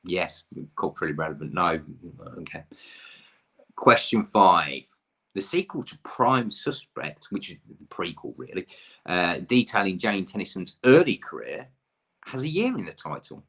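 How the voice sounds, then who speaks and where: Low, husky man hosting a casual quiz. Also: big pitch swings, unhurried, a bit bright. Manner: chatty, rambling, self-deprecating asides. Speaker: pub quiz host.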